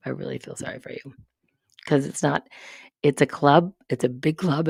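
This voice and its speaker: A woman live-streaming a casual monologue, sarcastic and rambling, swearing often and breaking into quick asides. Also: low voice, creaky, darkish tone, husky, dry recording, clean studio sound. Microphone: studio mic up close.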